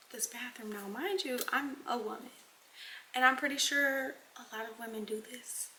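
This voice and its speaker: A young woman vlogger telling a casual storytime, animated and talking straight to her viewers, sometimes dropping into dramatic whispers. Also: on the high side, a little hiss or hum. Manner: addresses viewers as y'all.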